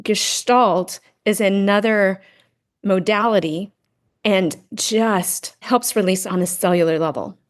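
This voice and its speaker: The speaker is a middle-aged woman, a grief and Gestalt practitioner guesting on a podcast, with a medium-pitched voice and a slow pace. Her storytelling in this casual interview is earnest, sprinkled with frequent "right?" tags.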